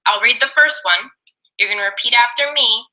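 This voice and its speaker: A young woman demonstrating a reading lesson, sounding out words slowly and repeating them for a student. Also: a little high, bright, forceful tone, rough recording. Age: young adult. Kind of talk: slow, deliberate teaching demonstration.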